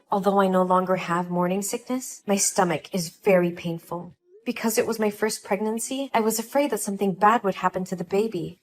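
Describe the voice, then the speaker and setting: Earnest woman narrating a dramatized story. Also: mid-range voice. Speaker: story narrator and pregnant wife.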